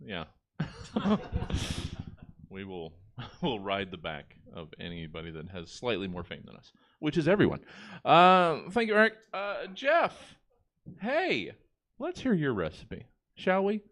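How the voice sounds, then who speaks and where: A man's voice: mid-range voice, wildly swooping pitch, measured pace, a bit bright. A man hosting a live comedy show, giggly, apologetic and loose in his delivery. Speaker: host. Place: comedy theater stage.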